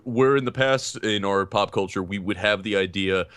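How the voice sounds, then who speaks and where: A man co-hosting a podcast, giving a casual film review in an animated, self-deprecating way and laughing often. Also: fairly low pitch, normal speed, clear, resonant tone, no echo. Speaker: podcast co-host.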